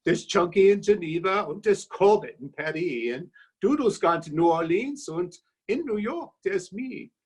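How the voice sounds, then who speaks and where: A jolly, homesick exile with a thick German accent booms out rhymed verse, as a man puts him on. The voice sits noticeably higher than an ordinary man's and stays loud and buoyant. The recitation is hearty and sing-song throughout. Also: expressive, moderate pace, husky, rough recording. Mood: boisterous. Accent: put-on German. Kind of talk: recited comic toast.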